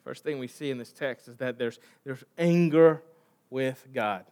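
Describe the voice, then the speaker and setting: An American man preaching a sermon, conversational and asking the congregation questions, swinging from loud emphasis to quiet trailing line endings. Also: mid-range voice, a little slow. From United States. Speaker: pastor.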